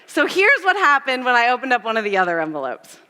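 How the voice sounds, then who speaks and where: A woman with a high, bright voice gives a sermon, telling stories on herself in an animated, self-mocking way. Her voice rings out with the long reverb of a large hall. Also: quick pace, clean tone. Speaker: church speaker. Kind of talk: sermon with personal storytelling. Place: church auditorium.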